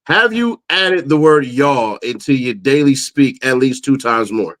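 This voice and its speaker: A man's voice: medium pitch, expressive, measured pace, fairly bright tone. Teasing man hosting a casual chat. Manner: teasing, stammering restarts. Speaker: show host.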